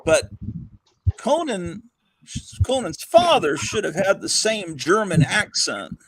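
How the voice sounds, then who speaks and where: A man's voice: sits high, big pitch swings, slow pace, fairly bright tone, no room sound, low-quality recording. An older man hosting a casual chat, rambling with fillers and chuckles. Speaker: host.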